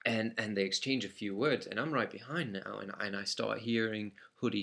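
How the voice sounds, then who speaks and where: A man's voice: fairly low pitch, normal speed, vocal fry, few pauses, a bit bright. A man with an English accent telling a first-person anecdote in a matter-of-fact, dry way. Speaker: storyteller.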